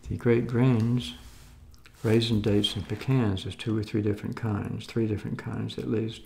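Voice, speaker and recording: This is a man in his seventies from the United States, chatting his way through a casual grocery haul. His voice is gravelly and pitched fairly low. He talks in a loose, rambling manner, with folksy asides that often carry a note of doubt. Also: level tone, normal speed, darkish tone, slight background noise. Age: 70s. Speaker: food vlogger.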